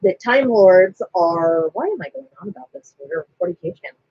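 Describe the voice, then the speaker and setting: A woman with a husky voice, her pitch swinging up and down a lot as she chats with a co-host. She tells stories with animated flair, acting out quoted lines. The sound is dry and a bit muffled, like a low-fidelity home recording. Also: moderate pace, no echo. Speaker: podcast co-host. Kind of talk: casual fan chat. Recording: dry, slightly muffled lo-fi audio.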